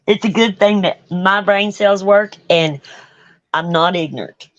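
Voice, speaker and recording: A woman's voice: mid-range voice, measured pace. A middle-aged woman hosting a casual chat, folksy and blunt, laughing often. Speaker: host. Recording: dull lo-fi sound.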